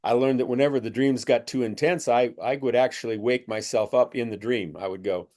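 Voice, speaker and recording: A man's voice: mid-range voice, steady tone, a little fast, darkish tone. A middle-aged man, a spiritual teacher, talking in a rambling conversational way and acting out quoted voices as he explains.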